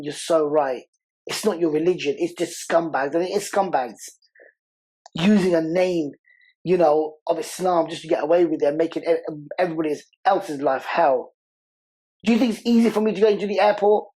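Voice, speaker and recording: A man's voice: high voice, fairly quick, a little mellow, breathy edge, poor audio. A man speaks earnestly as a podcast guest. He talks with raw, passionate conviction and hammers his points home by saying them again and again. His delivery feels heartfelt and conversational rather than rehearsed. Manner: passionate, repeats words for emphasis. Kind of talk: emotional interview conversation.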